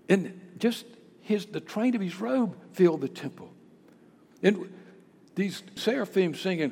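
A man preaching a sermon in a church, swinging from hushed, low passages to loud, emphatic outbursts. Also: very animated, measured pace, breathy edge. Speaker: pastor. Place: church sanctuary. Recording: long reverb of a large hall.

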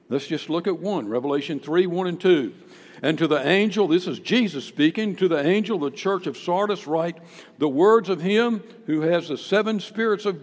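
A male pastor delivering an emphatic sermon, his rather high voice swinging widely as he hammers home key lines. The sound carries a long reverb, as if from a church sanctuary. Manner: emphatic preaching, rising to loud peaks on key phrases.

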